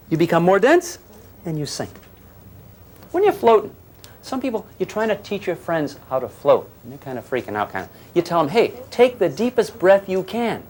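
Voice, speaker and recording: An older man giving a physics lecture to a class, teasing and questioning his students as he explains. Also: sits high. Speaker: physics teacher.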